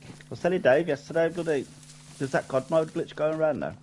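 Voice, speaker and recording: A man's voice: on the high side, brisk, a little mellow, slight background noise. A man chatting casually and joking while playing a survival game with a friend. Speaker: gamer. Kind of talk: casual gaming chat.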